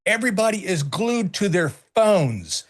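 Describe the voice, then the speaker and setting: A man's voice: high-pitched, big pitch swings, measured pace. A middle-aged man co-hosting a casual political talk stream, emphatic and swearing freely, often repeating himself. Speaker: co-host.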